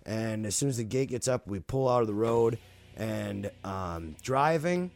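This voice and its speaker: A man's voice: fairly low pitch, animated, measured pace, gravelly, a little mellow. A man casually telling a spooky story on a podcast, swearing freely and talking animatedly.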